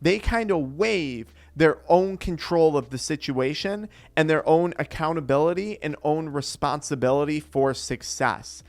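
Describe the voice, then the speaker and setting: A man's voice: fairly high pitch, dry recording. Earnest man coaching on recovery. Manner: earnest, explanatory, acts out quoted voices. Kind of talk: motivational talk to camera.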